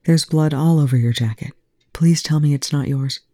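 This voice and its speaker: A firm female ship medic, soft-spoken yet sharp when she gives orders, as a reader puts her on. The reading is mellow and dry, like a close storybook recording. Her words come clipped and no-nonsense. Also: medium pitch, normal speed, dry recording, natural voice. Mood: concerned. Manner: soft but sharp and commanding. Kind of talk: fan fiction audiobook reading.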